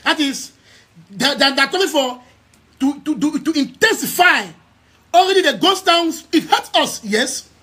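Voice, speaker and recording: Addressing his live-stream followers, the young activist and news outlet head from Southern Cameroons talks in a Cameroonian English accent, emphatic and repetitive, with many stammered restarts. His extremely high voice is animated, pushed and bright, kept at a measured pace.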